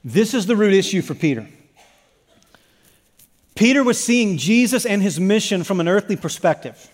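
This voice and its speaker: A male pastor preaches in a high-pitched voice with big pitch swings at a moderate pace, driving his points home by repeating himself and stumbling into restarts. A long hall reverb rings behind his words.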